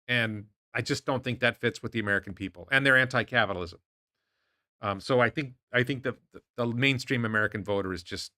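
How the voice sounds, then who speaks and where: A man's voice: on the low side, pushed and bright, no room sound, clean studio sound. A man hosting an investing livestream, giving opinionated, rambling commentary and firing off incredulous rhetorical questions while answering chat. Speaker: host of investing show. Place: home in Thailand.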